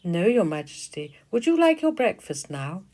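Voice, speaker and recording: A woman's voice: lowish voice, big pitch swings, moderate pace, warm tone. A woman voicing dutiful worker bee attendants in a deferential, subdued manner.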